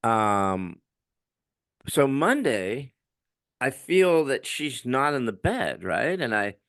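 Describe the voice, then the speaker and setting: Man with a lively, dry voice. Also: medium pitch, slow, no echo. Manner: raw, swearing, quotes himself shouting. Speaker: podcast co-host. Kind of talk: emotional personal storytelling.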